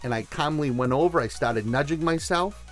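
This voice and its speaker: A man's voice: on the high side, moderate pace, faint music behind. A man hosting a show, telling a story and giving tips in an enthusiastic, conversational way. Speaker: host. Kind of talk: casual storytelling and instruction.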